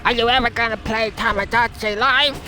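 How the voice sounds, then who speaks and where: A man putting on a high, squeaky, cartoonish Canadian voice for a pestering male viewer. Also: fairly even intonation, fairly quick, background noise. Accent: Canadian, cartoon-style.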